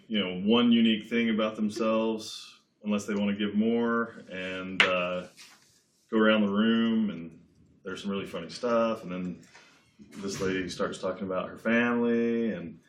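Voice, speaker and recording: A man's voice: lowish voice, slight background noise. A man giving a casual classroom lecture, chatty and digressive, often checking in with his students. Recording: echoey classroom.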